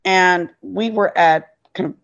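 Gravelly middle-aged woman telling a story. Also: lowish voice, slow. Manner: earnest, emphatic. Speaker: podcast guest, parent. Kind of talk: casual storytelling. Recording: dull lo-fi sound.

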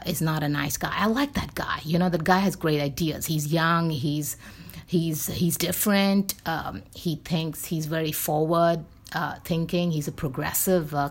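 Husky woman ranting with lots of fillers. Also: low voice. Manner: rambling, blunt, frequent fillers and restarts. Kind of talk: casual opinion monologue.

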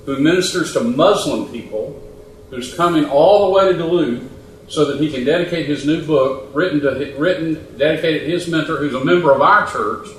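A man, a pastor, telling a lively story at a church panel and quoting people as he goes. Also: a little high, normal speed. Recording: echoey room, far from the mic, faint noise.

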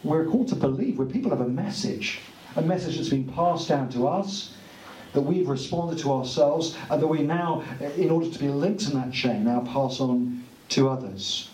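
A man giving an earnest, conversational speech at a book launch, pausing with fillers. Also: a little high, lively intonation, darkish tone, slight background noise. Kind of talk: informal speech to an audience. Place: room at a book launch event. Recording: echoey room, distant mic, faint ambience.

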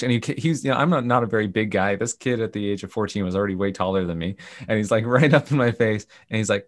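Low-voiced man telling camp stories. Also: quick pace, few pauses, no echo, clean studio sound. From Canada. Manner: animated retelling with quoted voices. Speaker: guest, camp CEO. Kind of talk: storytelling in a podcast interview.

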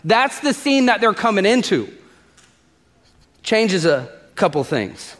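A man preaching a sermon as pastor, animated and emphatic, repeating lines for stress and acting out the voices in his quotes. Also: high voice, slow pace, long reverb tail.

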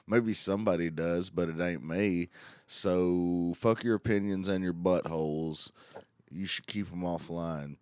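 Man, very low voice, crude jokey podcast chat, dry close sound. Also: clean tone, no room sound. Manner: crude, joking and laughing. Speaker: podcast guest. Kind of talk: casual chat.

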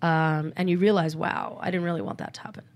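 A woman's voice: low voice, little pitch movement, fast. A middle-aged woman, a podcast guest talking candidly and acting out quoted exchanges in a casual interview.

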